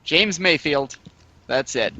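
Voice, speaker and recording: A man's voice: fairly high pitch, animated, takes it slowly, sharp tone, no echo, highs cut off. Eager chatty man playing a tabletop game. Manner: eager, chatty, talks in character plans. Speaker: player. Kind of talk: casual tabletop game play.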